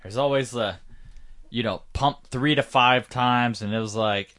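A man co-hosting a podcast, chipping in with quick wry asides in casual chat. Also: medium pitch, a bit bright. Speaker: podcast co-host.

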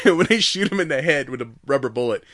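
A man chatting casually on a podcast, recapping a film with an animated storytelling manner. He laughs often and slips into quoted lines. The sound is dry and close, with no room around it. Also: medium pitch, fairly quick, no echo. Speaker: podcast co-host. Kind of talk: casual movie recap chat.

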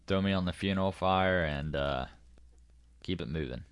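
A man's voice: sits low, normal speed, clean tone, no echo. A man in casual chat, asking joking, pun-filled questions.

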